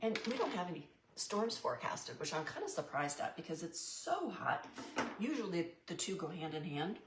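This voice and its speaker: A chatty middle-aged woman hosts a home craft livestream, greeting viewers one by one. Her voice sits fairly low for a woman. The room sounds echoey, with a faint hiss of noise underneath. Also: big pitch swings, normal speed. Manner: chatty, greets viewers by name, says y'all. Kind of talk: casual craft livestream chat.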